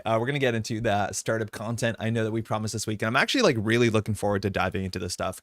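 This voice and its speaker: A man hosts a live stream and talks quickly in a relaxed, chatty way. He greets viewers in chat as he goes. His voice is close and dry, with no room sound around it. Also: fairly low pitch, no room sound. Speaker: streamer host.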